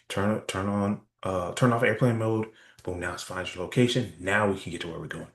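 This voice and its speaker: Man, sales trainer, low voice, conversational, roomy echo. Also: brisk. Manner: conversational, asks rhetorical "right?" often. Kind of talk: workshop presentation.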